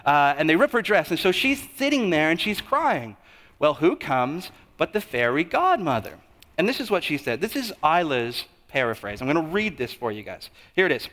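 A man in his thirties preaching a sermon in a church, telling a story with animated swings in his voice. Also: a little high, normal speed. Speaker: pastor. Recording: long hall reverb.

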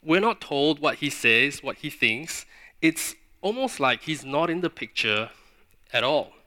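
A man delivers a sermon, earnest and questioning, leaning on pauses for emphasis. His voice sits a little high, and it has a bright, forceful edge. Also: expressive. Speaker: preacher.

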